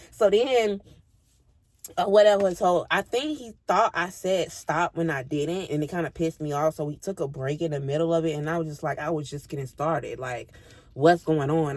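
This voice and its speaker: A woman vlogger telling a casual storytime, slangy and profane, talking straight to her viewers and jumping between low mutters and high squeals. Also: darkish tone, dry recording.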